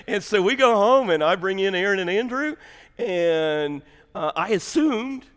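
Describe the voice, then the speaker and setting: A man's voice: high-pitched, animated, measured pace, a bit bright, smooth. Middle-aged guy preaching, jokey storytelling sermon, laughs a lot, echoey church. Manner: humorous, chatty, laughs often. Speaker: pastor. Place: church sanctuary.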